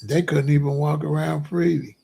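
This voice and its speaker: Gravelly-voiced American man, boastful monologue. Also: fairly high pitch, flat delivery, moderate pace, mellow. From United States. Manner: rambling, repetitive, boastful. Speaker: commentary show host. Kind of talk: casual monologue to viewers.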